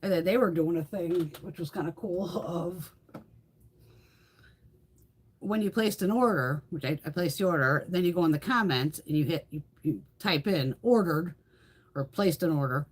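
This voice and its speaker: Husky, foul-mouthed middle-aged woman host. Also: fairly low pitch, normal speed. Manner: swears freely, chatty and laughing. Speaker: beauty livestream host. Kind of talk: casual livestream chat with viewers.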